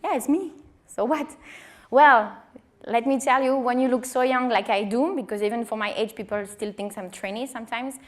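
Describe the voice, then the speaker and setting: A woman's voice: fairly high pitch, fairly quick. Small-voiced Frenchwoman telling her story. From France. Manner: animated, acts out quoted dialogue, many fillers. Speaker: wine director giving a conference talk. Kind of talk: storytelling conference talk.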